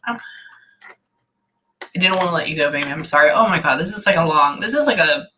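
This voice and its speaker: A woman working as a psychic medium, talking in a halting, animated way with many self-interruptions during a channeling session. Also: deep voice, background noise. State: tearful at times.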